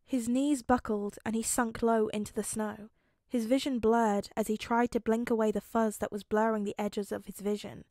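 A woman narrates a fan fiction audiobook in a clear, steady storytelling voice. Her pitch sits a little high, and the recording is dry and close. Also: moderate pace, hardly any pauses, no room sound. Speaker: podfic reader.

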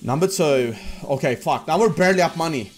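A young man talks over a live casino game in a loose, rambling way, cracking jokes and swearing freely. His voice sits a little higher than most men's. Faint music plays quietly behind him. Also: lively intonation, brisk. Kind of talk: casual live gambling commentary.

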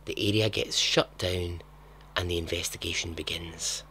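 A man's voice: sits low, fairly even intonation, normal speed, pushed and bright, slight background noise. A man hosting a storytelling podcast, narrating in a chatty, dramatic way with joking asides. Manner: chatty, dramatic, laughs at his own asides. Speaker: podcast host.

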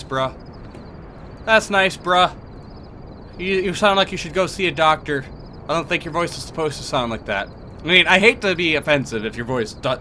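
A man's voice: high voice, sharp tone, a little hiss or hum. A man playing a horror game, giving casual commentary with sarcastic, muttered asides. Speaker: let's play gamer.

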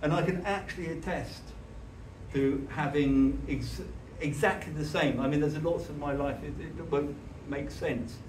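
A man giving a conversational church talk, telling personal stories in an earnest, halting way with frequent restarts. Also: on the high side, fairly even intonation, darkish tone. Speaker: church speaker. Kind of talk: conversational sermon with personal storytelling. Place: church hall. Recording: echoey hall, distant mic, faint hiss.

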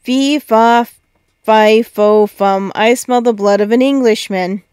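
A woman voicing a loud, greedy male giant ogre in a storybook reading. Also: fairly even intonation, measured pace, clean tone, no echo, studio quality, natural voice. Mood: booming. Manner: booming, demanding. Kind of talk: storybook read-aloud.

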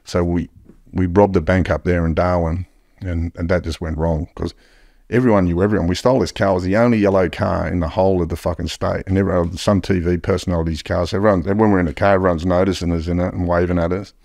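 A man's voice: deep voice, steady tone, fast, creaky, darkish tone, no room sound, clean studio sound. An Australian man telling stories as a podcast guest in a blunt, heavily profane way. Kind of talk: casual storytelling.

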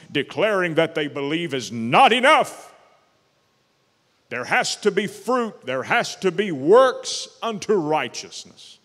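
A man preaching a sermon as pastor, emphatic and slowing down to stress key words. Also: fairly high pitch, a bit bright, big-room sound. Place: church sanctuary.

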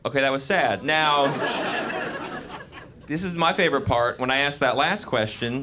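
A young man performing a live stand-up comedy set on a club stage, animated and slipping into voices for his bits. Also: mid-range voice, normal speed, pauses often. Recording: live club recording with audience noise. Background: audience laughter.

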